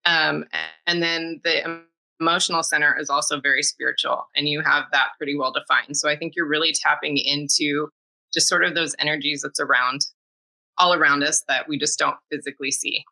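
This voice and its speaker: Low, bright-toned woman explaining charts. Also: steady tone, creaky, low-quality recording. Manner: explanatory, measured. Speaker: human design reader. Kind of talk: casual spiritual conversation.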